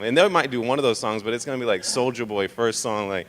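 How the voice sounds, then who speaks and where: A man's voice: medium pitch, fast, a bit bright. A young man from Texas telling his life story to an audience in a casual, joking way. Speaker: speaker. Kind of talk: personal testimony talk. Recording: long hall reverb.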